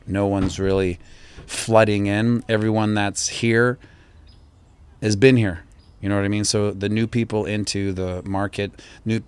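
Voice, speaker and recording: Male streamer host, lowish voice, casual and rambling, answers viewer comments live. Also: clean tone. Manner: relaxed and rambling, with frequent fillers and restarts. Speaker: crypto channel host.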